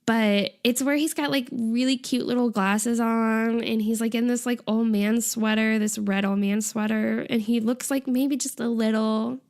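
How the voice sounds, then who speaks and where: Co-hosting a laid-back podcast, this young woman recounts an episode with lively storytelling, peppering it with "like" and frequent laughs. She speaks at a normal speed in a slightly high voice, barely pausing at all.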